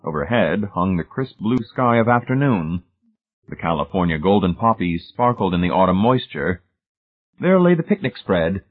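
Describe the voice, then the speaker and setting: A man narrates an audiobook in a steady, measured way. His voice sits low and slightly husky. The recording is narrow and phone-like. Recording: tinny phone-like sound.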